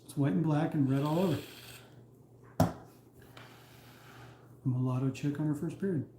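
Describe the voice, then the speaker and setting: A man's voice: fairly high pitch, moderate pace, reverberant, noisy background. A man co-hosting a live stream from home in casual chat, swearing and telling crude jokes while laughing at his own lines.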